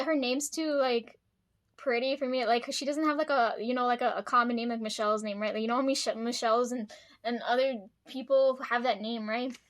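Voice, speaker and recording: A woman's voice: sits high, fairly bright tone. A woman vlogger chatting casually to her viewers, rambling, swearing freely and laughing often. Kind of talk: casual chat to camera.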